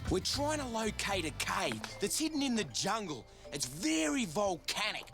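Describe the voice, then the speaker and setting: A man's voice: high-pitched, big pitch swings, moderate pace, gravelly, music in the background. A man narrating a wildlife documentary in an upbeat, explanatory way.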